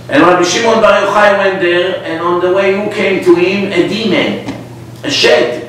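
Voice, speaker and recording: A man's voice: sits high, moderate pace. Man preaching in an echoey room. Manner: animated, asks the audience questions. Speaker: rabbi teaching a class. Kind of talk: storytelling sermon. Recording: echoey room, distant mic, faint noise.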